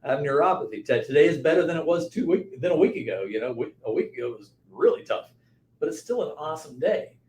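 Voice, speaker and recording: A man's voice: a little high, lively intonation, fast, a little mellow. A man in his fifties speaking as a podcast guest, reflective and earnest, often restarting his sentences. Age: 50s. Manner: reflective, earnest, repeats words when starting. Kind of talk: conversational interview. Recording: echoey room with faint background noise.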